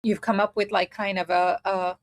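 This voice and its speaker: A woman's voice: medium pitch, little pitch movement, moderate pace, dry recording. A woman teaching a spiritual study group in a casual way, thinking aloud as she explains a method step by step.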